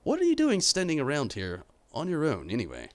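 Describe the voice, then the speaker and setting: A man voicing a cheeky, gruff little fairy man who blusters and scolds. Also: fairly high pitch, huge pitch swings, brisk, background noise, voice pushed up. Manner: boisterous, blustering. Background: game music.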